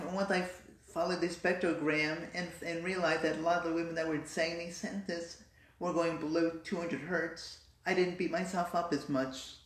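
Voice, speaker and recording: A woman in a casual vlog, explaining and demonstrating voice techniques. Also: fairly low pitch. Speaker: vlogger. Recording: roomy echo.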